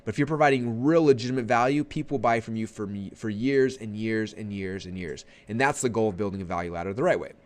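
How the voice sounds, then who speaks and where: Fast-talking, low-voiced man presenting a webinar. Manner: energetic and conversational, checks in with the audience.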